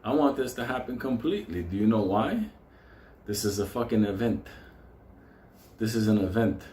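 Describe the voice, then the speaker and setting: A man's voice: on the low side, lively intonation, moderate pace, mellow. A man hosting a stock market show, delivering a profane, fired-up unscripted rant and breaking into laughter. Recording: roomy echo with faint noise.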